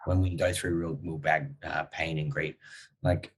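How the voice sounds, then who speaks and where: A man hosting a podcast interview, reflective and trailing off softly. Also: extremely low pitch, fairly even intonation, measured pace, husky, poor audio. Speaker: podcast host. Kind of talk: casual interview.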